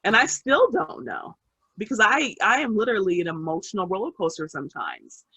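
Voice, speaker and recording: Candid, bright-voiced woman co-host. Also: medium pitch, expressive, fairly quick, breathy edge. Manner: candid and self-reflective, emphatic repeats. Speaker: podcast co-host. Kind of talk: casual podcast chat.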